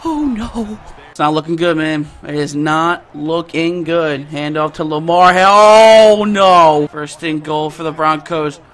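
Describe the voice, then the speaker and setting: A young man giving excited, slangy commentary over his own football video game, often shouting and laughing at big plays. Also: a little high, moderate pace, few pauses. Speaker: gaming YouTuber. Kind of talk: excited live gameplay commentary.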